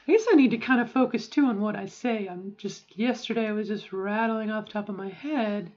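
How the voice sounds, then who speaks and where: A middle-aged trans woman practicing a higher voice in a voice training vlog, speaking carefully and slightly tight as she monitors herself. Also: a little fast, darkish tone. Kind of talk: voice training practice, raised pitch. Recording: dull lo-fi recording.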